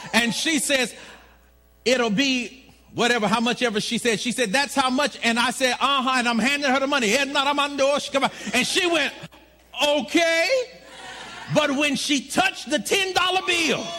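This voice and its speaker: A man preaching a sermon to a congregation, shouting and telling a story with emphasis. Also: extremely high pitch, moderate pace. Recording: live church crowd audible.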